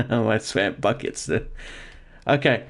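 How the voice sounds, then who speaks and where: A man's voice: mid-range voice, expressive, extremely slow, vocal fry. A young man chatting casually and jokingly to his live-stream chat while gaming, rambling and laughing often, in his home office.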